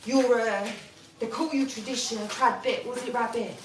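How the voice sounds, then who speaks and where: A woman's voice: on the high side, steady tone, normal speed, background noise. A woman in a rambling, restless monologue, swearing and jumping from topic to topic. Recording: echoey room from far off.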